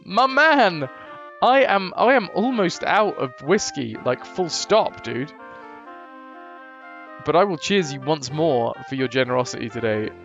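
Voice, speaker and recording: A man's voice: fairly high pitch, very animated, unhurried, fairly bright tone, highs cut off, faint music behind. A man chatting casually and rambling on his live stream from a hotel room. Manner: chatty, rambling, laid-back.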